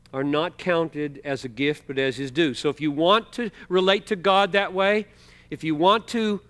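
A man preaching an expository sermon, emphatic, slowing to stress key words and moving between loud exclamations and quiet asides. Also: fairly high pitch.

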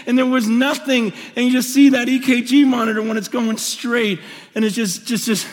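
A man's voice: extremely high pitch, fairly even intonation, normal speed. A middle-aged man preaching a sermon with impassioned feeling, often stammering and repeating words as he speaks. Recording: long hall reverb.

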